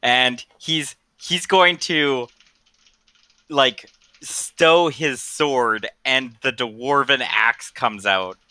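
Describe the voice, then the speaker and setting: A man playing a tabletop game, describing his character's moves in a deliberate way. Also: mid-range voice, pushed and bright, no room sound. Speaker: player. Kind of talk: casual tabletop role-play.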